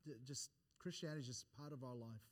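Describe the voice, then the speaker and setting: A man's voice: medium pitch, quick pace. A pastor preaching a sermon, building his points with rising emphasis, often restarting phrases and quoting scripture in old-fashioned wording. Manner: restarts and repeated words between points. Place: church.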